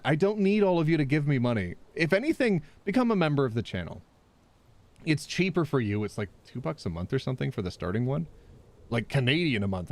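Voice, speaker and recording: A man live-streaming a game, chatting with viewers, yelping and laughing as he plays. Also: medium pitch. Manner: animated, yelps and laughs while playing, chats with viewers.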